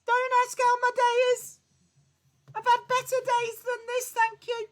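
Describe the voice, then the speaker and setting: List: man voicing a beaten-up wrestler, high squeaky whine, grumpy, complaining. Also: completely flat delivery, measured pace. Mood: weary complaining.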